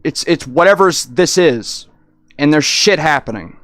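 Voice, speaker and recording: A man chatting casually on a livestream, rambling and excitable, often restarting his sentences. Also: a little high, measured pace, no echo.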